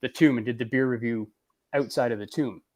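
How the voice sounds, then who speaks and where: A man's voice: mid-range voice, a little fast, darkish tone. A man hosting a live beer-review stream, talking in a chatty, rambling way. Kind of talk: casual live-stream chat.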